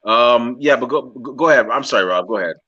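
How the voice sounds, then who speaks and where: A co-host breaks in, hurried and apologetic, at a middle male pitch. The audio is dull and lo-fi, with the muffled sound of an online call. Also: bright, forceful tone, slightly rough.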